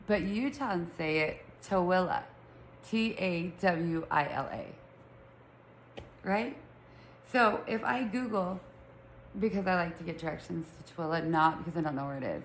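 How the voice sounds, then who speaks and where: Rambling vlogger, woman, Utah accent, lisp, fairly low voice, roomy echo. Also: slight background noise. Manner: chatty, rambling, self-teasing. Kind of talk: casual chat to camera. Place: room at home with pets.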